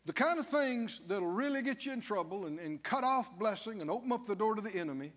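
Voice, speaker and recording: A male pastor preaching a sermon in a church, swinging from low asides to shouted declarations. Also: expressive, fairly quick, hardly any pauses. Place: church sanctuary. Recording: long church reverb.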